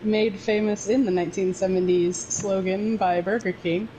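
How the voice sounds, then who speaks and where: A woman's voice: medium pitch, steady tone, normal speed, warm tone, slight background noise, rough recording. A woman co-hosting a casual podcast chat with friends, rambling with lots of fillers and laughs. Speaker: podcast co-host.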